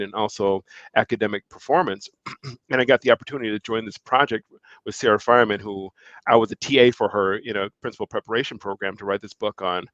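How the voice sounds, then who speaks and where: A middle-aged man from Milwaukee telling a personal story as a guest, animated and quoting others as he speaks. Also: on the low side, no echo, highs cut off. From Milwaukee, Wisconsin, USA. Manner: animated storyteller, acts out quoted remarks, laughs between phrases. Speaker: guest, education leader and author. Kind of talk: conversational storytelling.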